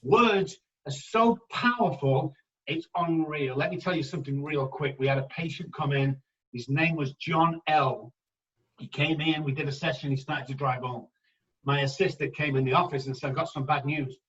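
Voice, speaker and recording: A man speaking as a guest on a podcast interview, telling emphatic, animated anecdotes about how words shape the mind. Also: fairly high pitch, normal speed. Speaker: guest addiction specialist. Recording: slightly dull, distant mic.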